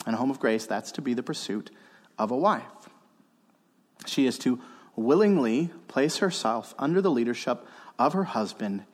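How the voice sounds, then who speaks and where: A man's voice: mid-range voice, in a large hall. A man preaching a sermon as pastor, earnest and emphatic, repeating key phrases to drive them home. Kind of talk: expository sermon.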